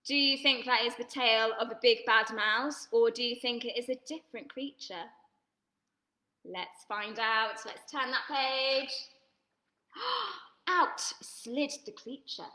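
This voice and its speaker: A woman leading an online drama workshop, reading a picture book aloud to children in a lively, encouraging way. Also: a little high, unhurried. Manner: lively, animated, giggly, encouraging. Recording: roomy echo.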